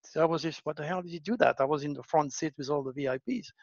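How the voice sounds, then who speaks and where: Speaking fast, a male astrologer rattles through anecdotes in an offhand monologue, animatedly impersonating the quoted voices with large jumps in pitch. It's a dull, lo-fi, dry recording.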